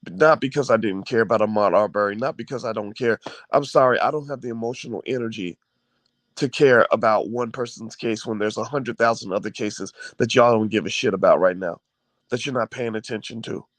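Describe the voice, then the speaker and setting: A man's voice: lowish voice, fairly quick, no room sound. Heated man ranting in a dry room. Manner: heated, preachy, repeats and stammers, swears. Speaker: commentary host. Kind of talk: impassioned political commentary.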